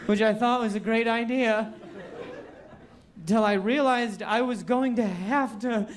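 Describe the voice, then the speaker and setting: A man's voice: extremely high pitch, fairly even intonation, measured pace, slight background noise. A man doing stand-up storytelling, who stutters and jokes about himself on a comedy stage. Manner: stutters, self-deprecating. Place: comedy stage, audience laughing.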